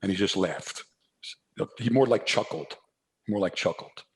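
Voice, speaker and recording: This older man from New Jersey sits low in pitch and speaks a little slowly. Appearing as a podcast guest in a casual storytelling interview, he animatedly voices both sides of the exchange he's recounting.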